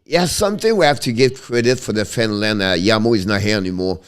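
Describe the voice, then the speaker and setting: This casual hockey live stream is hosted by a man with a fairly low, clear, resonant voice and a Quebec French accent. He talks to viewers haltingly, restarting sentences frequently and going back and forth between English and French.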